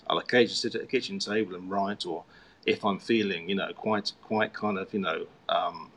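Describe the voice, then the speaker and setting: Low-voiced man in rambling chat. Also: steady tone, fairly quick, a bit bright. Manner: rambling, self-mocking, many fillers and restarts. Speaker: author, guest. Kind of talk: casual chat.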